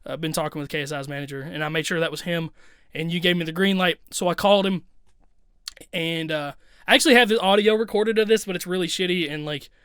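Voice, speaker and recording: A young man co-hosting a casual podcast, telling stories in an animated, excitable way and swearing freely. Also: fairly high pitch, fast, smooth, no room sound, studio quality. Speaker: podcast co-host and rapper. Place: home desk.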